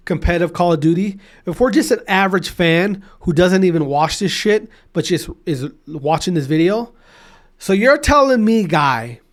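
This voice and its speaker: A man hosting his own podcast, ranting in a loose, repetitive way with many restarts. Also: high voice. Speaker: podcast host. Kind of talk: solo podcast rant.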